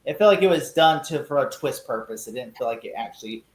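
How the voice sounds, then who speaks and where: A man who is a guest in a casual podcast discussion, telling stories with lively energy and acting out quotes in mock voices. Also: medium pitch, fast talker, roomy sound, noisy background.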